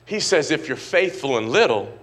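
A middle-aged male pastor with a high, bright, ringing voice delivers an emphatic sermon. He swings from quiet asides to loud, shouted climaxes, repeats words as he builds, and keeps calling on the congregation. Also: sing-song, normal speed.

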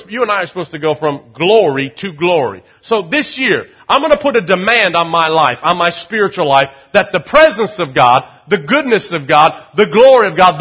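A middle-aged male pastor preaching a sermon, animated, moving between quiet conversational asides and loud, rising declarations. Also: sits high, husky.

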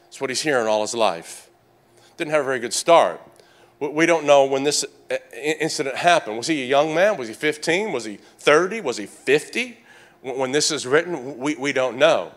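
A man in his sixties preaching a sermon, mixing comic storytelling with animated calls to the congregation. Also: mid-range voice, normal speed. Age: 60s. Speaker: pastor.

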